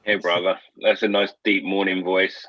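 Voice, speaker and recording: A man's voice: low-pitched, little pitch movement, moderate pace, fairly bright tone, dry recording, muffled recording. A man co-hosting a casual livestream, joining in with enthusiastic, sweary chat.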